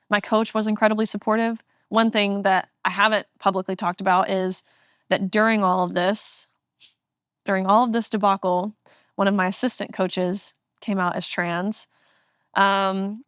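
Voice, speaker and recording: A young woman in her twenties, a guest on an interview show, recounts a personal story with earnest emphasis. Her voice sits at an ordinary middle pitch. The sound is close and dry, with no room around it. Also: fairly bright tone, clean tone, dry recording.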